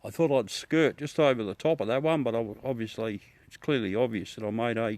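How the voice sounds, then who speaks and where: Brisk and a little mellow, his mid-range voice carries a casual livestream chat with viewers. The Australian host is blunt and ranty, swearing freely.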